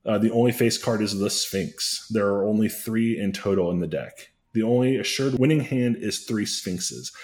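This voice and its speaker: A man's voice: fairly low pitch, moderate pace, hardly any pauses, a little mellow. A man hosting a comedy podcast, recapping a story in a rambling, self-correcting way with dry jokes. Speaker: podcast host.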